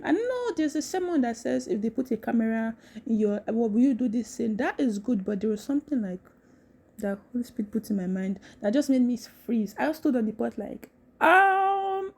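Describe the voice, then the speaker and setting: A woman giving a casual devotional talk, animated, repeating phrases and laughing often. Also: a little high, gravelly, slightly rough. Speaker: Christian content creator.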